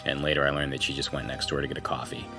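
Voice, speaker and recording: A man co-hosting a podcast, reading a first-person ghost story aloud in a conversational storytelling manner with dramatic pauses. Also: extremely low pitch, monotone, over music. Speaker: podcast co-host.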